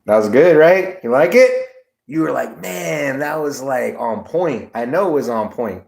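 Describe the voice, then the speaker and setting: Animated man chatting on a livestream. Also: mid-range voice, a little slow, creaky. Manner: animated, laughing, reciting comedy bits. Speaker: livestream host. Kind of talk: casual livestream chat. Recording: roomy echo.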